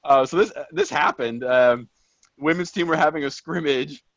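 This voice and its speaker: A man whose first language is Portuguese, co-hosting a podcast and telling stories in a chatty, animated way with lots of restarts. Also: on the high side, moderate pace, vocal fry, no room sound. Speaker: podcast co-host. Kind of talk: casual chat. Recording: dull, dry lo-fi sound.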